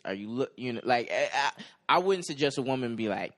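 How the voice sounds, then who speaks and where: A man's voice: mid-range voice, sing-song, a little fast, hardly any pauses, fairly bright tone. A man co-hosting a podcast in casual chat, playful and acting out quoted lines. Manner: playful, stammering restarts, acts out quotes. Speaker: podcast co-host.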